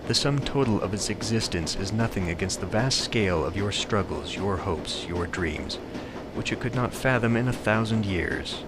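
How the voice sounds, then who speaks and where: A man voicing an ancient dragon disguised as a suave gentleman who speaks in lofty, philosophical terms. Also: on the low side, expressive, background noise, natural voice. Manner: slow, lofty, philosophical speech.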